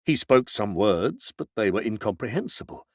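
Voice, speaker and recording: A man reading a classic novel aloud as an audiobook narrator, with dramatic, measured delivery. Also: on the low side, very animated, no echo, clean studio sound. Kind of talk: scripted narration.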